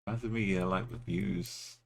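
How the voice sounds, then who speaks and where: A man's voice: low voice, fairly even intonation, slow pace, creaky, a little hiss or hum. A man streaming a geography game, musing aloud in short, offhand remarks as he plays. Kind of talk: casual commentary while playing.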